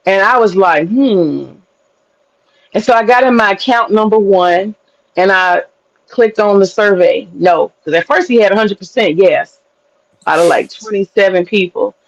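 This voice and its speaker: A woman's voice: medium pitch, moderate pace, no room sound. Brash teasing woman on dull dry audio. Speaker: stream guest. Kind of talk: casual livestream chat.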